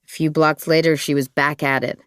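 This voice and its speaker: Audiobook narrator, thriller reading, measured, mid pitch, dry close recording. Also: flat delivery, a bit bright, clean tone, no room sound.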